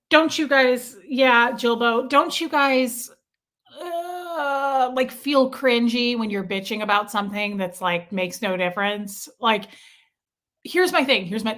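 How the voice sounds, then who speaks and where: A woman's voice: on the high side, bright, forceful tone. A woman hosting a casual livestream, chatting with viewers and venting in a talkative, repetitive way. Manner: chatty, venting, repeats herself. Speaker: livestream host reading chat.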